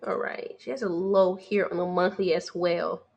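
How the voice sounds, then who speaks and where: A woman's voice: lowish voice, flat delivery, moderate pace, gravelly, darkish tone, slightly rough, lo-fi sound. A woman, a forex trading coach, going over charts on a live stream in a casual way and speaking straight to her viewers. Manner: casual, talks to viewers, calls them sweetie and baby.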